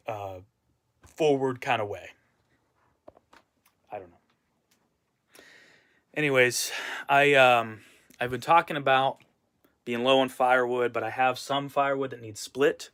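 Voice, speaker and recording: A man's voice: mid-range voice, fairly even intonation, a little slow, pauses often, a bit bright. Man venting in a rambling vlog. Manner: rambling, venting about a former boss; frequent fillers and trailing asides. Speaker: vlogger and musician. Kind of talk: casual vlog monologue.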